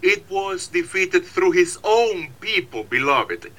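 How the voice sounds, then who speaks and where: A man's voice: high voice, very animated, takes it slowly, a bit bright, poor audio. A man preaching a sermon, emphatic and repetitive, acting out stories.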